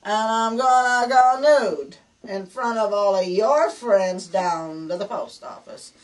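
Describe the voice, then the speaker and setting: An older woman voicing a nagging wife in a burlesque sketch who makes loud, demanding threats. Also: medium pitch, expressive, moderate pace, natural voice, rough recording. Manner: demanding, ranting. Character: angry sketch wife nagging her husband.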